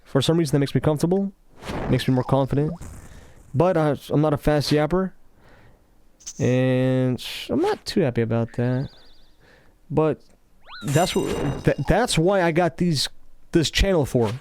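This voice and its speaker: A man giving casual, rambling commentary over gameplay, talking slowly with a laid-back, self-interrupting, somewhat mumbled delivery. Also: on the high side, animated, darkish tone, a little hiss or hum. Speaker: gaming commentator.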